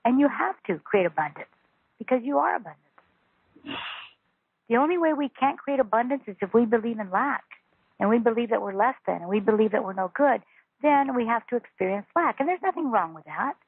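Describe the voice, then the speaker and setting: A woman, a spiritual teacher, talking calmly and earnestly as a guest on a phone interview. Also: fairly high pitch, quick pace, breathy edge, dry recording. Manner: calm, earnest, instructive. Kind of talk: interview over a phone call. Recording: tinny phone line.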